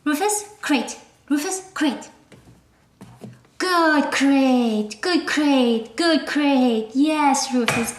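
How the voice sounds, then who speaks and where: A woman at home calmly explaining, step by step, how she crate-trains her new puppy, in a casual how-to manner. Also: medium pitch. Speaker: vlogger, new puppy owner. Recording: roomy echo, faint background noise.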